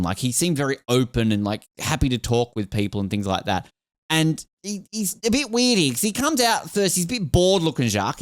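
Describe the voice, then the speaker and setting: A man hosting a casual podcast, talking in a lively, irreverent way and swearing freely. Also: fairly high pitch, clear, resonant tone, no room sound, clean studio sound. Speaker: podcast host.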